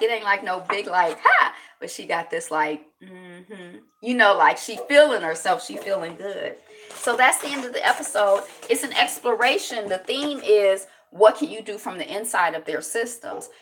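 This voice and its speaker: A woman vlogger recapping a TV episode in casual, animated talk full of fillers. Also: fairly low pitch. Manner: animated, chatty storytelling with many fillers.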